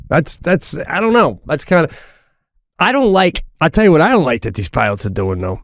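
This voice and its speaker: Guy on a podcast, kinda high voice, super bouncy delivery, dry close mic. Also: normal speed, dry recording. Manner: animated storyteller who acts out quotes in put-on voices. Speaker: podcast co-host. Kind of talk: casual comedic chat.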